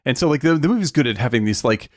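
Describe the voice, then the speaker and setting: A man's voice: medium pitch, lively intonation, no room sound, studio quality. A man on a film podcast, casually chiming in and agreeing, adding his own takes. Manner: agreeable, quick to chime in with yeahs and rights. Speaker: podcast co-host.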